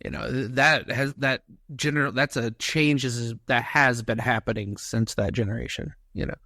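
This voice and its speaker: A man's voice: medium pitch, fairly even intonation, moderate pace, bright, forceful tone, no echo, studio quality. A man on a podcast in casual discussion, talking loosely with lots of "like" and "you know". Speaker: podcast co-host.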